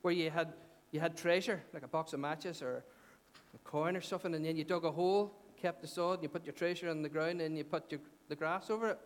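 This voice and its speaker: Northern irish pastor guy preaching, fairly high voice, chatty and earnest, goes quiet for the side stories. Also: steady tone, a little fast. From Northern Ireland. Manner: earnest and conversational, rising with emphasis and dropping low for asides. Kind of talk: sermon. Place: church hall.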